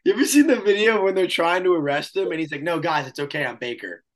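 A man's voice: a little high, lively intonation. A man co-hosting a podcast, telling sports stories in a laid-back, profane, joking way. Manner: laid-back, profane storytelling, quick laughs. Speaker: podcast co-host. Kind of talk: casual sports chat.

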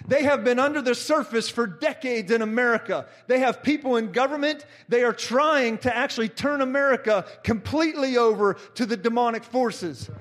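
A middle-aged man preaching a fervent sermon, repeating phrases and rising to shouts. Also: extremely high pitch, normal speed, few pauses.

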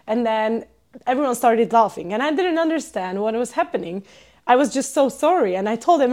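A young woman from Hungary, a podcast guest telling stories in casual chat, animated and full of fillers. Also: on the high side, moderate pace. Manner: animated storyteller, many fillers and laughs.

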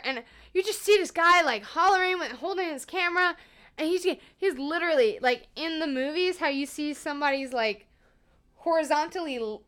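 A young woman hosting a podcast, telling stories from her life in a loose, animated way, swearing freely and laughing along. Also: sits high. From United States. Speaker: podcast host. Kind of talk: casual storytelling monologue.

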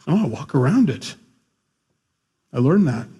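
Animated man preaching a Bible message. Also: a little high, a little slow, breathy edge. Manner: conversational, animated preaching with asides. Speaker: pastor. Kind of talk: sermon.

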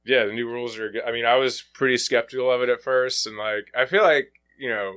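A man's voice: mid-range voice, steady tone, brisk, fairly bright tone. A man hosting a casual sports podcast, rambling with lots of fillers, restarts and swearing. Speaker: podcast host.

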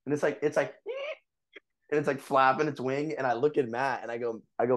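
A man's voice: mid-range voice, steady tone, brisk. A young man on a podcast telling a story in a casual, rambling way, full of fillers and laughs. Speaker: podcast co-host.

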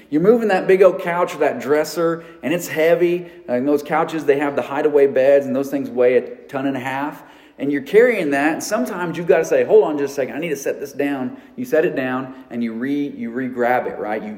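A pastor preaching a sermon in a conversational way, with everyday examples and frequent restarts. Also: male voice, medium pitch, a little mellow.

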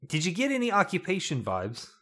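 A man's voice: high-pitched, huge pitch swings, a little fast, pushed and bright. A man co-hosting a casual podcast, chatting in a jokey way and laughing often. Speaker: podcast co-host.

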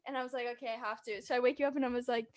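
High-voiced laughing young woman storyteller. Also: very fast. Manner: animated storytelling, laughs often. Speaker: podcast co-host. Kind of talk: casual chat.

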